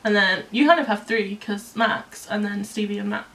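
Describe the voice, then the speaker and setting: A woman's voice: medium pitch, normal speed, fairly bright tone. A woman in casual chat, chatty and asking her partner quiz questions.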